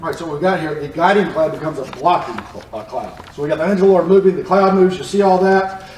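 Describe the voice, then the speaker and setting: Guy teaching bible stuff in a church, fairly high voice, lively and jokey, sounds kinda far from the mic. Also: fast talker, slight background noise. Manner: animated, joking. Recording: echoey room, distant mic.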